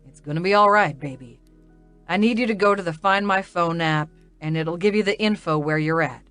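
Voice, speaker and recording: A woman voicing a calm, protective young man who speaks with a smooth, soothing drawl in an audiobook. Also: medium pitch, moderate pace, soft background music, natural voice.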